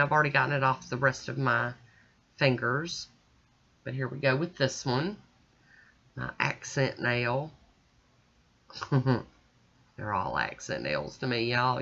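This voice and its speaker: A woman's voice: rumbling low, bright, forceful tone. Chatty woman narrating nail art. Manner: chatty, folksy, self-deprecating asides. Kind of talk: casual tutorial narration. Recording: slightly dull lo-fi audio.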